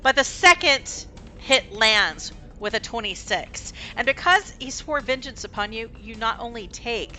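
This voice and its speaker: A woman running a tabletop game over voice chat, narrating hits and damage with animated, swooping pitch. Her tone is bright and forward. The connection glitches into robotic dropouts now and then, over faint background music. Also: measured pace, low-quality recording. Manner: lively, animated narration of dice rolls and attacks. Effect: glitchy, robotic dropouts from bad connection. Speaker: game master. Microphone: voice chat call.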